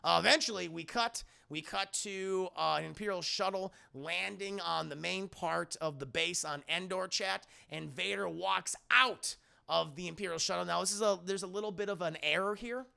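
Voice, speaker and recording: A man streaming a casual, profane film breakdown to his live chat, excitable and quick to laugh. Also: sits high, vocal fry.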